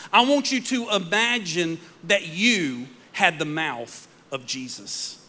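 A man preaching a sermon, telling stories dramatically and dropping to quiet emphasis. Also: sits high.

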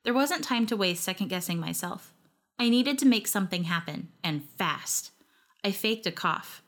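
Narrator: woman, first-person audio story, wry lively delivery. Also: medium pitch, moderate pace.

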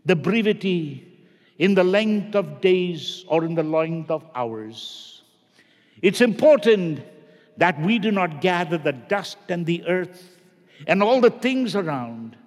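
A male pastor preaching a sermon, swinging between shouted lines and low hushed ones. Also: lively intonation, takes it slowly. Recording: long reverb of a large hall.

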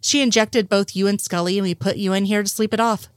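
A woman reading the lines of a nervous, innocent man, a little higher than her narration. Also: fairly even intonation, fast talker, dry recording, clean studio sound, natural voice. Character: nervous, well-meaning male conspiracy nerd.

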